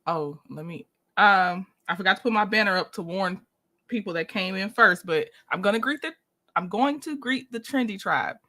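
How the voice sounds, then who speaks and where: A woman's voice: mid-range voice, moderate pace, pushed and bright. A woman hosting a casual livestream, chatting and greeting viewers by name, laughing often, then reading through documents. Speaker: livestream host.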